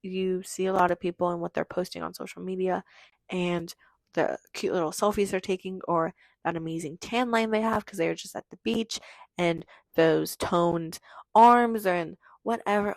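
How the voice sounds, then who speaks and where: Earnest teen girl, gravelly and dry. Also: fairly low pitch, fairly even intonation, moderate pace, no room sound. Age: teens. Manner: earnest, rambling, filler-heavy. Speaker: podcast host. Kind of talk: casual personal monologue.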